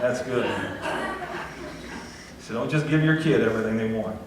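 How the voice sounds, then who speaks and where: A man's voice: mid-range voice, normal speed, pauses often, background noise. A middle-aged man preaching a conversational sermon as pastor, with folksy, self-deprecating asides. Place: church sanctuary. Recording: echoey church recording from a distance.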